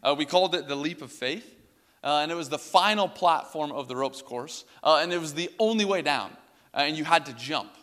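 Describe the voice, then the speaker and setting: Bright-voiced young pastor in a reverberant hall. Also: male voice, a little high, animated, a little fast. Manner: casual storytelling with many fillers. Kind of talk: sermon with personal story.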